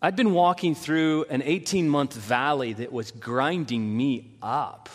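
A middle-aged man, a pastor, preaching a sermon and acting out the voices of people he quotes with animated intensity. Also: mid-range voice, unhurried. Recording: long reverb in a large hall.

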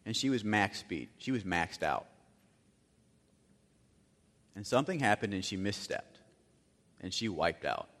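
A male pastor with a fairly low voice delivers a sermon as a vivid story. He swings from loud bursts down to near-hushed asides. His words trail off into a long, ringing reverb from a large hall. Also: very animated, unhurried, long pauses.

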